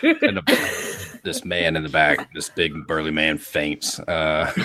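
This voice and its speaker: A game master with a very low voice narrates a tabletop game and leaps into shrill voices for the townsfolk. His delivery swings widely in pitch and he often breaks into laughter. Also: very slow, very noisy. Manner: animated, laughing, voices crowd lines in a high squeal.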